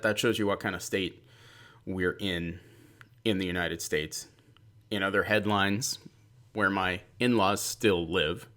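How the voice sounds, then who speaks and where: Middle-aged guy from central pennsylvania, deep low voice, just rambling casually at the camera with lots of side tangents. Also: fairly bright tone. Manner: rambling, chatty, self-correcting asides. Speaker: vlog host. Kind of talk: casual monologue.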